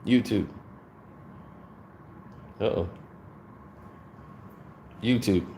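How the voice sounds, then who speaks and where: A man giving a casual, animated spoiler review of a film, talking to his viewers. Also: fairly low pitch, slight background noise. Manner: animated, conversational, drawn-out delivery.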